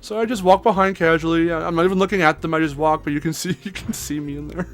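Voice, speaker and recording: A man's voice: fairly high pitch, steady tone, fast talker, a bit bright. A young man chatting casually as co-host, rambling, swearing and laughing often. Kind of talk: casual chat.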